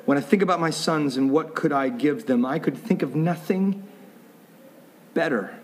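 A man's voice: a little high, normal speed, slight background noise. A middle-aged man preaching a sermon as a pastor, in a conversational way with restarts and joking asides. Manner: conversational, self-interrupting, jokey asides.

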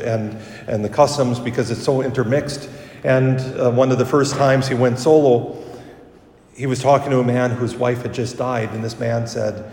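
A priest giving a conversational homily, correcting himself and livening up when he quotes people. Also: mid-range voice. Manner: conversational, self-correcting, animated when quoting. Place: church. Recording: echoey church from a distance.

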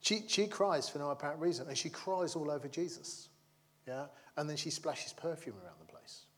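Preaching at normal speed, this man has a slightly high voice with lively intonation. He delivers a conversational, humorous sermon, repeatedly checking in with the congregation with "yeah?" and playing out the crowd and figures in his stories.

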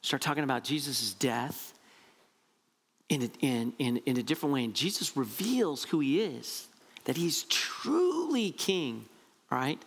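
Animated man preaching a sermon. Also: medium pitch, measured pace, vocal fry. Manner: animated, conversational, frequent "right?". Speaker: pastor.

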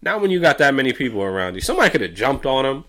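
A man's voice: medium pitch, sing-song, rapid-fire, a bit bright. A young man co-hosting a casual podcast, bantering loosely and swearing often. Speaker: podcast co-host.

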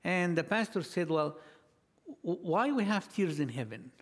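Guy talking at church about missions, kinda high voice, stumbles and repeats words a lot. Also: big pitch swings, husky. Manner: halting, repeats words, reads scripture slowly and emphatically. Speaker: missionary speaker.

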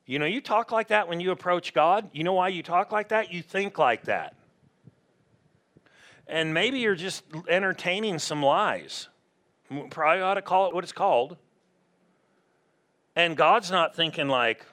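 A middle-aged man preaching a sermon as pastor, animated and conversational, acting out little voices to make his points. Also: high voice, measured pace, pauses often.

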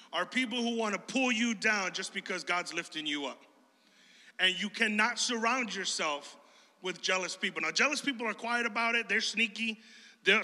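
Bright-voiced joking preacher in a hall. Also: male voice, high-pitched. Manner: animated, conversational, jokey storyteller. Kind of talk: sermon.

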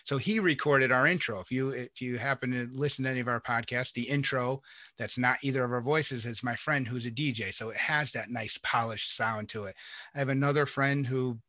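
A man's voice: mid-range voice, fairly quick, pushed and bright, dry recording. A man from Connecticut co-hosting a podcast, chatting casually and rambling with restarts. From Connecticut, USA. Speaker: podcast co-host. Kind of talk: casual chat.

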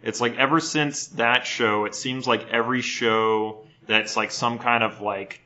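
A man co-hosting a casual comedy podcast, riffing in a profane, rambling way. His voice has a bright, sharp edge, and the recording sounds slightly muffled. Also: mid-range voice, fairly even intonation, a little slow. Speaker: podcast co-host.

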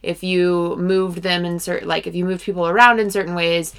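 A woman's voice: on the low side, steady tone, moderate pace, a bit bright, clear, resonant tone. A young woman co-hosting a casual sports podcast, rambling and restarting her sentences as she explains. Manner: rambling, self-interrupting, amused. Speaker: podcast co-host. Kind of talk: casual chat.

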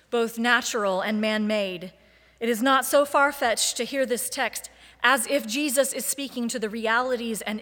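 A woman preacher giving a sermon, with a measured, deliberate delivery and emphatic lists. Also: fairly high pitch, a bit bright, big-room sound.

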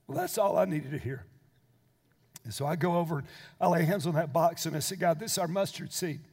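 An older man preaching a sermon, moving from quiet storytelling into impassioned exhortation. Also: a little high, fairly quick, long reverb tail. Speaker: pastor.

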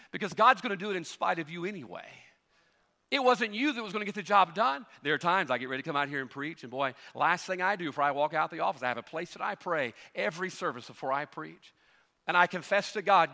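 A man preaching from a church pulpit with a high, bright, ringing voice. His delivery is animated and emphatic, jumping from loud exclamations to soft, drawn-out asides. The sound carries a long reverb from the hall. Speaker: pastor. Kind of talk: sermon.

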